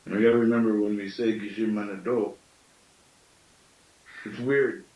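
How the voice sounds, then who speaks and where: Storyteller, male, late thirties, slightly deep, musing teaching talk, recorded far off in an echoing room. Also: fairly even intonation, normal speed, mellow, lo-fi sound. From Canada. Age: late 30s. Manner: thoughtful, with self-questioning asides.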